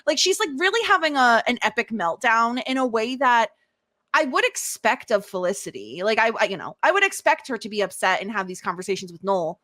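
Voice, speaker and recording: A woman hosting a podcast, chatting casually about a TV episode, animated and laughing often as she acts out lines. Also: a little high, moderate pace, no echo, studio quality. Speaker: podcast host. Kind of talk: casual chat recapping a TV episode.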